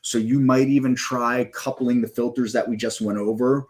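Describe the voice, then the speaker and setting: A man hosting a live trading stream, walking through software in a loose, rambling way with many fillers and self-corrections, and hiccups now and then. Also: mid-range voice, fairly even intonation, moderate pace. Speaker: live trading room host.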